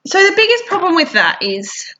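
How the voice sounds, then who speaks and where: Blunt, teary woman, high voice. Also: very animated, normal speed, pushed and bright. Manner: blunt and frank, swears freely. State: teary and sniffly. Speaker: vlogger. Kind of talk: candid personal vlog.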